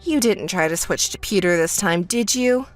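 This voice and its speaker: A woman voicing a calm, level-headed young woman who answers her sister flatly and sarcastically, in a texting-story voice-over. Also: lowish voice, moderate pace, soft background music, close to an everyday voice. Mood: dry. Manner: flat, dry, sarcastic.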